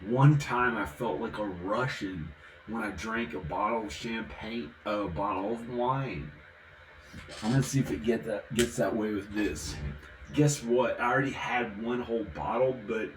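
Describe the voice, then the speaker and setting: A man's voice: on the low side, measured pace, reverberant, a little hiss or hum, poor audio. A man from the American South, vlogging casually while drinking, rambling and giggling from one topic to the next.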